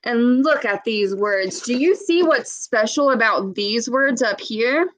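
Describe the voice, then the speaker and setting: A woman reading a children's picture book aloud, pausing to point out words and ask young listeners questions in a clear, teacherly way. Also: on the high side, fairly bright tone, rough recording.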